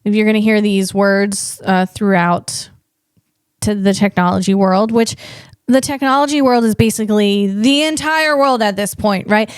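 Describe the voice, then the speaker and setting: A woman's voice: mid-range voice, moderate pace, clean tone, dry recording, clean studio sound. A woman hosting a solo podcast in a casual, rambling way, often correcting herself and laughing at herself. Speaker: podcast host.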